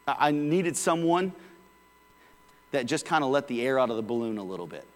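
A man's voice: mid-range voice, fairly quick. Preaching man in a reverberant hall. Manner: conversational preaching with sudden rises in volume. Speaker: pastor. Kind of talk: sermon.

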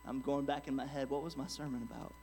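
A man preaching a sermon as a pastor in a church, telling a story quietly and then building to forceful, earnest preaching with frequent restarts. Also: mid-range voice, steady tone, quick pace, gravelly, a little hiss or hum. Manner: frequent restarts and "amen" asides. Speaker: guest pastor.

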